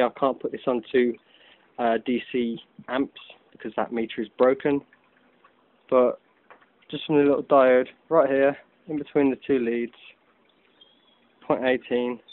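Man, casual hobbyist vlogger, loose and chatty; outdoor phone recording, tinny narrow sound. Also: mid-range voice. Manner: chatty, loose, with many ums and self-corrections. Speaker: hobbyist video maker. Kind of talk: casual demonstration vlog. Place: outdoors in afternoon sun. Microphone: phone camera.

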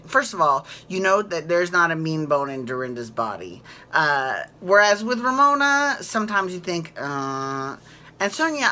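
A woman's voice: deep voice, bright, forceful tone. A woman hosting a casual recap chat, gushing and giggling, often repeating herself. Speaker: podcast host.

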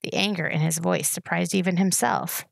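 A woman reading a novel aloud in a steady storytelling manner. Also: lowish voice, moderate pace, gravelly, dry recording. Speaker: audiobook reader.

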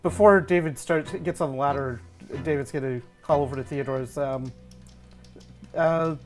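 A man playing a tabletop game, speaking in a dry, flat way. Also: on the high side, normal speed, soft background music. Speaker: player. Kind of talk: tabletop role-play.

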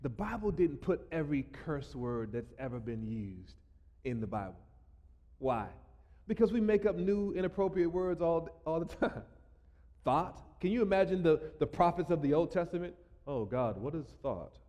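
A man's voice: a little high, sing-song, normal speed, long reverb tail. A man preaching a sermon as pastor, joking with the congregation and breaking into laughing asides. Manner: playful, jokey preaching with bursts of loud laughing asides. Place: church sanctuary.

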